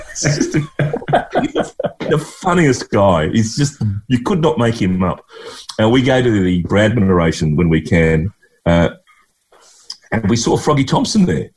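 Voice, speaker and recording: Man, Australian accent, middle-aged, interview guest, low pitch, animated delivery, chuckling anecdotes. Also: normal speed, slight background noise. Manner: rambling anecdotes, chuckling, mimics people. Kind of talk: casual interview chat.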